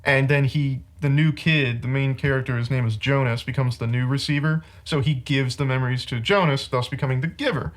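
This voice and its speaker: A man's voice: mid-range voice, steady tone, brisk, few pauses. A man hosting a casual podcast, rambling through a rant about bad movies and laughing often.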